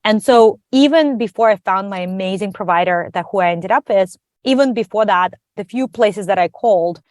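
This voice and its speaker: A woman guest on a podcast, telling her story in a lively, conversational way and acting out the voices of others. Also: mid-range voice, moderate pace, no room sound, studio quality. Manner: animated, acts out quoted dialogue.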